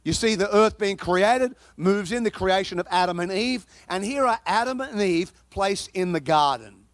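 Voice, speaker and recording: A man with a notably high voice delivers a sermon in a lively, conversational manner, tossing in playful asides. The sound is close and dry, with no room echo. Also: moderate pace. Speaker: preacher.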